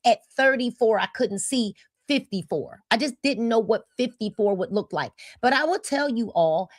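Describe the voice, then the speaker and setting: A woman's voice: fairly high pitch, animated, moderate pace, no echo, clean studio sound. A woman, hosting a casual livestream and greeting viewers by name in an upbeat way. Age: 50s. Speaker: host of a livestream.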